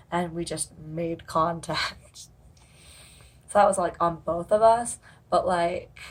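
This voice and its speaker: A woman telling stories from her haunted house job as a casual vlog. She rambles with plenty of fillers and swears freely. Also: fairly low pitch.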